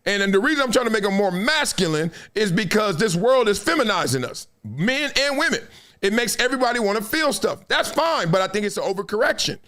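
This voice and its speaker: A man hosting a live sports talk stream, lecturing his viewers in a casual, slangy, animated way with laughs between points. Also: sits high, brisk. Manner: animated, preachy, drops into quoted voices. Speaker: sports talk show host. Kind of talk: live-streamed commentary monologue.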